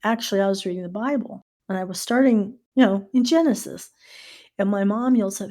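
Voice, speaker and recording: Mellow-voiced woman, animated storyteller. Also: medium pitch, brisk. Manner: animated storyteller who spells out words letter by letter. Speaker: podcast host. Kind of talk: casual podcast chat.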